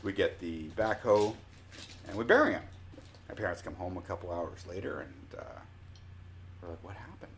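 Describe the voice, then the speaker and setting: A Canadian man in his forties tells a casual story with a somewhat low voice. He is animated and unpolished, trips over restarts and drops his voice on asides. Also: normal speed, gravelly, pauses often, a little hiss or hum. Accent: Canadian English. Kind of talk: casual spoken anecdote.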